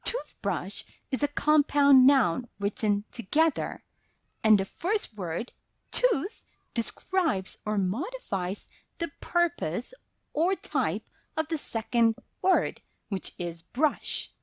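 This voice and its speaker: Slow, lively-pitched woman teaching grammar. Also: no room sound. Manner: measured, explanatory delivery reading out example sentences. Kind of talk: scripted lesson narration.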